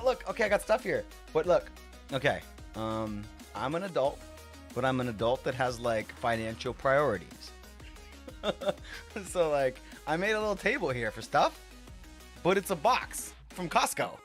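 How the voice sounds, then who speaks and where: Man, live streamer, casual chat, animated pitch, rambling, laughs a lot, swears, faint music behind.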